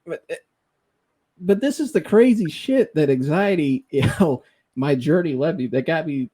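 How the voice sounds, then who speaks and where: A man hosting a podcast, telling a funny story in a casual, animated way, laughing often and mimicking the people he quotes. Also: on the high side, normal speed, breathy edge. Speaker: podcast host.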